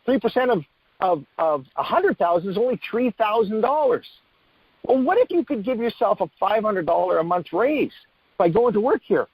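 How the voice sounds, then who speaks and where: A man giving an energetic motivational training talk on a call, full of rhetorical questions and repeated phrases. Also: high-pitched, moderate pace, breathy edge, no room sound. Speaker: network marketing trainer hosting a call. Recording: dull muffled call audio, dry.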